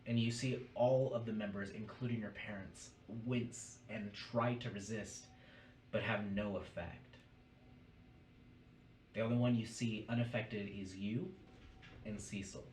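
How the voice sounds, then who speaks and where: A man narrating as game master of a tabletop game, describing scenes in a measured way. Recorded in a roomy space from a distant mic. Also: on the low side, steady tone, darkish tone, a little hiss or hum.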